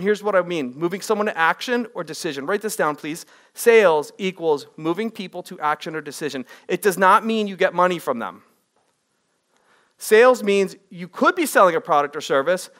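A middle-aged man giving an energetic live workshop on speaking to a room of people, often putting questions to the audience. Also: sits high.

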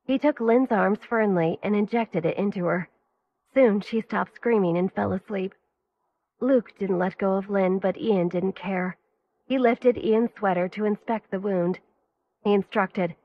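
A woman giving steady, even scripted narration of an audio story. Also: medium pitch, measured pace, dull audio.

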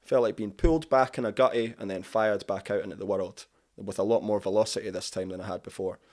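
Guy, lowish voice, talks loose and excited, lots of "you know"s. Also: fast talker. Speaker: musician guest. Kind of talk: casual interview chat.

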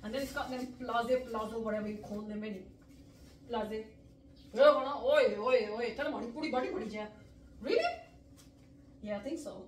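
Chatty high-voiced woman vlogger. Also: moderate pace, long pauses, a little mellow. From Mirpur, Pakistan heritage, living in the UK. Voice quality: chatty, laughs often, mixes in Punjabi words. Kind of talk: casual chat to camera. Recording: echoey room, mic at a distance.

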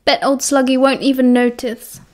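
A woman's voice: sits high, little pitch movement, moderate pace, close to an everyday voice. Woman reading as a sulky posh British teen boy. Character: moody posh teenage boy, dramatic.

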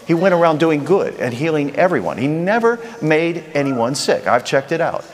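A man's voice: a little high, big pitch swings, normal speed, in a large hall. A man preaching a sermon in a conversational way, asking the crowd rhetorical questions.

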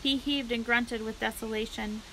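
Lady reading a kids book aloud, bright clear voice, a bit of hiss. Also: on the high side, steady tone, normal speed, rough recording. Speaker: library read-aloud narrator.

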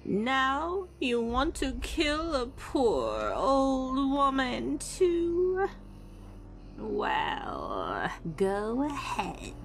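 A woman voicing a scheming, cruel old witch in a video game, taunting in a slow, drawn-out way. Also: sits high, huge pitch swings, gravelly, slight background noise, heavily acted. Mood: menacing. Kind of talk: game voice acting. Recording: game audio with music behind.

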